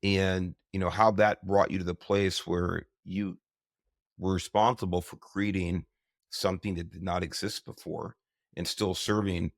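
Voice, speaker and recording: Male interview host, very deep gravelly voice, thoughtful, halting. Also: little pitch movement, no room sound, clean studio sound. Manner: measured, searching for words. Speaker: podcast host. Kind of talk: interview questions.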